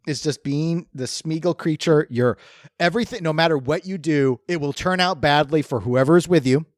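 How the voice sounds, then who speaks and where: A man's voice: a little high, a little fast, no echo, clean studio sound. A man co-hosting a gaming podcast, rambling in casual chat and chuckling as he talks. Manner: animated, rambling, chuckles while talking. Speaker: podcast co-host. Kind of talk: casual chat about video games.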